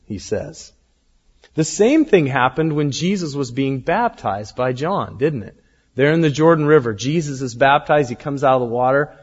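Pastor, male, casual animated preacher; dull-toned recording with long church-hall reverb. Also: mid-range voice. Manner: conversational, animated storytelling with acted quotes. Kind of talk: sermon.

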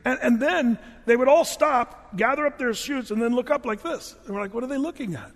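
A man's voice: extremely high pitch, moderate pace, big-room sound. A middle-aged man telling a humorous personal story to an audience, in a loose, rambling way that often restarts its sentences. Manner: loose, rambling, self-correcting.

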